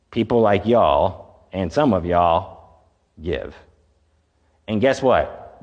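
A lower-voiced man preaches in a church sanctuary, and the long reverb of the hall hangs behind his words. His style is conversational, with rhetorical questions he answers himself. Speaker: pastor. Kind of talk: sermon.

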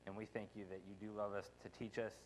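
A man thanking a speaker and then leading a halting spoken prayer for a group, with frequent pauses and uhs. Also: fairly low pitch, flat delivery, a little hiss or hum, rough recording. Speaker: prayer leader.

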